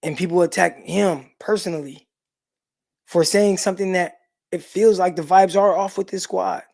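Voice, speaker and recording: Reading viewer comments aloud and answering the live chat directly, this middle-aged man hosts a sports livestream with a casual, filler-heavy, easygoing style. He has a high, gravelly, slightly mellow voice with fairly even intonation at normal speed.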